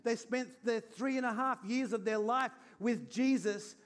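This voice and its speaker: Pastor, male, high voice, earnest conversational sermon delivery. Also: unhurried. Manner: earnest, conversational preaching with acted-out asides. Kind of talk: Easter sermon.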